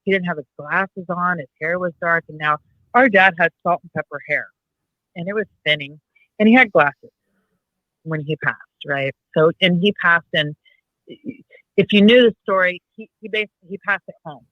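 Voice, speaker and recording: A woman co-hosting a podcast, casually telling a personal story and retelling dialogue in a hushed voice. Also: fairly low pitch, normal speed, dry recording, lo-fi sound. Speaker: podcast co-host.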